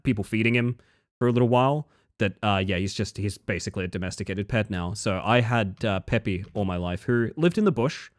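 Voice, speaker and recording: A man's voice: on the low side, no room sound, clean studio sound. A young Australian man streaming live, rambling and joking with his chat and swearing freely.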